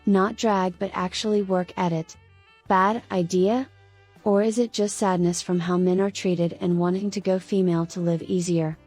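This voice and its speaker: A woman co-host reading viewer donation messages aloud in a plain, even way. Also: fairly low pitch, normal speed, faint music behind.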